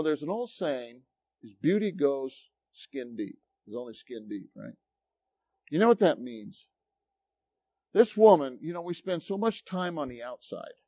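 A man preaching a sermon as pastor, telling stories in an animated, emphatic way. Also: a little high, no echo. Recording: dull lo-fi recording, dry.

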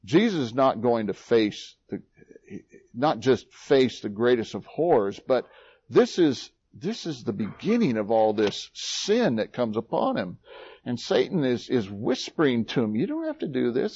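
A man preaching a sermon, reading scripture aloud in a rising, dramatic voice and dropping low and quiet for his own asides. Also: big pitch swings, measured pace, breathy edge, highs cut off.

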